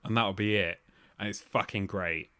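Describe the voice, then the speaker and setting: Casual male co-host, slightly low voice, swears often, acts out others in quick voices. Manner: sweary, animated impressions of others. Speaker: podcast co-host. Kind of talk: casual chat.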